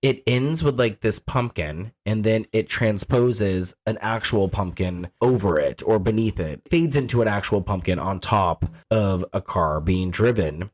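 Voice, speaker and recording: A man's voice: fairly low pitch, unhurried, few pauses. A man co-hosting a podcast, casually recapping a film with frequent swearing and laughter. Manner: swears freely, laughs often, lively storytelling. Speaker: podcast co-host.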